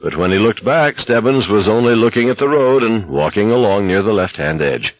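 A man narrates an audiobook in a steady, measured way. His voice sits low and husky. The sound is dry and slightly muffled. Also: no room sound. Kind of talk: scripted narration.

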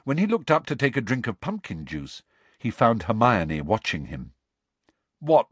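Low, husky, expressive male storyteller. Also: moderate pace, dry recording. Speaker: audiobook narrator. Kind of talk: scripted narration.

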